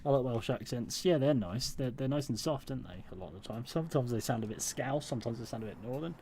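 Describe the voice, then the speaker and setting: A man's voice: medium pitch, animated, fast, warm tone. An English man giving casual, rambling commentary while live-streaming a video game, with dry asides. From England. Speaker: gaming streamer. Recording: noisy game sounds behind.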